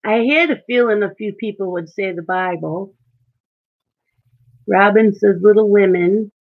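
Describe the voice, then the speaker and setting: A coloring channel host speaks at a measured pace in a medium pitch, her sound thin and tinny. While she colors on her live stream, she chats easily and reads out viewer comments, responding to each.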